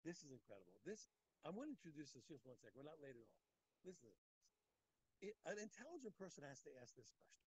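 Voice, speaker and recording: A man teaching a daily Talmud class, animated and talking in quick restarts, repeating phrases as he works through the text. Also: on the high side, a little hiss or hum, rough recording. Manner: animated, repeats phrases, acts out the text's speakers. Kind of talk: daf yomi Talmud class.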